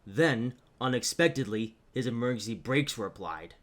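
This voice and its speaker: A man narrating a cartoon story in a plain, steady manner. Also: medium pitch, normal speed.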